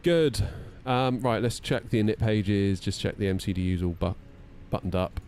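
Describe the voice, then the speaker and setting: A man's voice: fairly low pitch, moderate pace, a little mellow, a little hiss or hum. A man in his thirties, chatting casually on a live stream while running through flight checklists, self-deprecating and talkative. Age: 30s.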